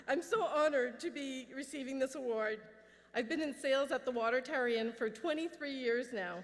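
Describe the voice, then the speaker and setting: A woman's voice: high-pitched, moderate pace. A middle-aged woman accepting an award, nervous and heartfelt as she thanks her mentors and colleagues. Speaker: award recipient. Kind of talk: acceptance speech. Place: large event hall. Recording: long reverb of a large hall.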